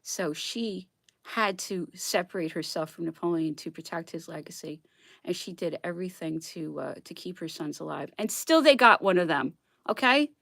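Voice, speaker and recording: A woman giving impassioned ranting commentary on history memoirs. She swings between loud outbursts and hushed whispers and keeps tagging on a pointed "okay?". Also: fairly low pitch, animated, moderate pace, gravelly, dry recording, clean studio sound. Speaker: history vlogger reading memoirs.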